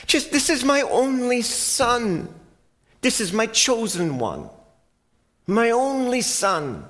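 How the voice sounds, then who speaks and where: A man voicing a desperate father begging for help for his sick son, his voice straining high as he pleads. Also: animated, measured pace, vocal fry. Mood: desperate pleading.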